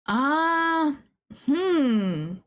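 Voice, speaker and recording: Excitable woman streamer, slightly high voice, gushes over a game and talks to its characters. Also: very slow. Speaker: VTuber streamer. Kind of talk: let's-play commentary.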